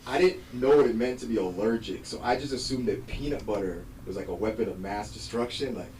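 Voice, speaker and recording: A man doing a stand-up set, telling stories in a lively way and acting out the voices of other people. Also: on the low side, fairly quick, distant mic, slight background noise. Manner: animated storytelling, acts out voices. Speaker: stand-up comedian. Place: comedy club stage. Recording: roomy live venue, mic heard from afar, audience. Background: crowd laughter.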